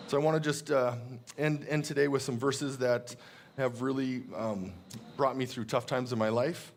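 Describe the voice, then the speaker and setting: A man gives an earnest, reflective sermon in a church at an even middle pitch. He slows down to read scripture verses aloud. A faint hiss sits under his voice. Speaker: pastor.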